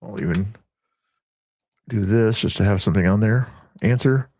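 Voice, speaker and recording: A man's voice: on the low side, moderate pace, dark tone, dry recording. Rambling man hosting a late-night stream. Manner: rambling, chatty, reads chat aloud. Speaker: livestream host. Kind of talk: casual livestream chat.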